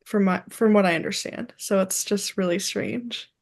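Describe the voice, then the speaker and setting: This young woman co-hosts a podcast and tells an animated story in casual talk, voicing the quotes dramatically. She speaks at a moderate pace in a mid-range voice.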